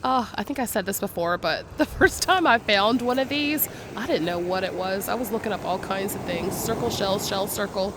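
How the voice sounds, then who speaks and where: A woman with a slightly hoarse sick voice, chatting casually and laughing often as she narrates a beach walk, admiring each find. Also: medium pitch, moderate pace, hardly any pauses, background noise. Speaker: beach vlogger. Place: outdoors on a beach.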